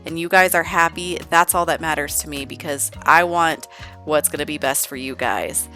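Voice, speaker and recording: A woman's voice: low voice, normal speed, pushed and bright, soft background music. A woman voicing a young man, a gym friend, who speaks in a casual, encouraging way. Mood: supportive.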